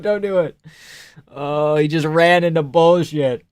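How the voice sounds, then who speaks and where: A man streaming live reactions to a fight, talking casually with lots of swearing and bursting into shouted groans. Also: a little high, moderate pace. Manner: profane and excitable, breaking into shouted groans.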